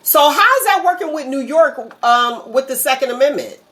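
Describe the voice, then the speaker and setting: A woman's voice: sits high, expressive, a bit bright, low-quality recording. Lady host, chatty, fires off follow-up questions. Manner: conversational, quick follow-up questions. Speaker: talk show host. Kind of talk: casual interview.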